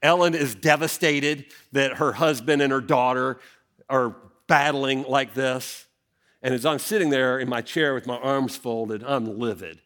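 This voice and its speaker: A middle-aged man, a senior pastor preaching a sermon and telling a family story with dramatic swings in his voice. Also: measured pace. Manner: animated, dramatic storyteller with big swings in pitch.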